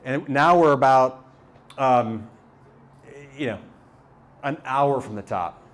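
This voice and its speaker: A man telling a story live to an audience, animated and halting, with many repeated words and fillers. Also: medium pitch. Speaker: motivational speaker. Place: talk venue with a live audience.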